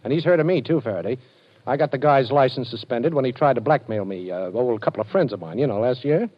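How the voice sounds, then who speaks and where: A man plays a cool, wisecracking detective hero. He delivers wry quips at a mid-range pitch. The sound is muffled and lo-fi, like an old radio show. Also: animated, natural voice. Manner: wry, cool, quick with jokes. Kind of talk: 1940s radio acting. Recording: dull old radio recording.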